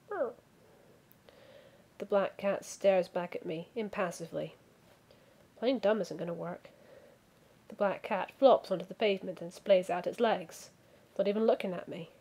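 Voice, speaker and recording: A woman reading a visual novel aloud as a let's play streamer, voicing the lines and breaking off into animated asides. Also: mid-range voice. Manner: animated, reacts with outbursts and asides. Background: background music.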